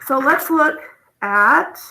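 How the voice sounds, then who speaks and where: A woman's voice: high voice, expressive, creaky, pushed and bright, low-quality recording. A woman teaching a phonics lesson, patient and explaining step by step, checking in with the class often. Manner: slow, patient, checks in with "okay?".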